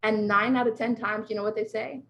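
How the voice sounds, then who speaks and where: A woman's voice: fairly high pitch, steady tone, a little fast, sharp tone. A woman from the United States coaching salespeople on a video call, emphatic and peppered with "right?". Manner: emphatic, keeps asking "right?". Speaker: sales trainer.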